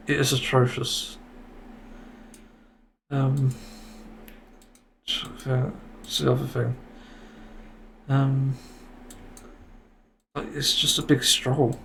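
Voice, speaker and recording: A man's voice: medium pitch, gravelly, slight background noise. A man hosting a solo podcast, ranting in exasperation and swearing often. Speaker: podcast host.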